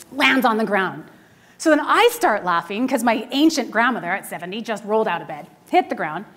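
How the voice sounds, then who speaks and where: A woman in her forties, a minister giving a conversational sermon full of stories, who often laughs. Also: a little high. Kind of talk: storytelling sermon. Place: church sanctuary.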